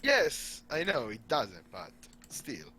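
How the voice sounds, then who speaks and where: A man's voice: mid-range voice, wildly swooping pitch, takes it slowly, sharp tone, slightly rough. A man playing in a tabletop game who talks in an exasperated, dramatic way and swears often. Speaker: player. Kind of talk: casual chat at a tabletop game.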